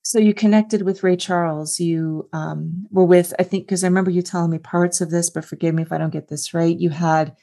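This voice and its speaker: A woman hosts a conversational interview, her voice sitting low with a soft, mellow tone. She asks her questions gently and a little haltingly, with small restarts as she finds her words. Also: fairly even intonation, vocal fry. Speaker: podcast host.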